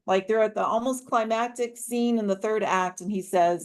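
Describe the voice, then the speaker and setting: A woman coach in a casual roundtable discussion, telling a story with lively acted-out dialogue. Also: medium pitch, moderate pace, few pauses. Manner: animated storyteller, acts out dialogue.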